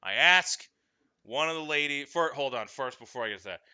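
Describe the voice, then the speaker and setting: A man telling comedic stories in a profane, animated way, breaking into shrill shouted impressions. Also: fairly quick, smooth, lo-fi sound. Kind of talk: comedic storytelling.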